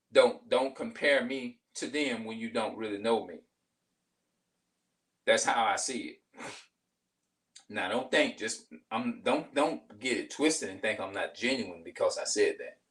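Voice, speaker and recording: A man's voice: mid-range voice, a bit bright, recorded from a distance, poor audio. A man in his forties talking passionately to camera in a casual vlog monologue, emphatic, often restarting his sentences. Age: 40s. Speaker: vlogger.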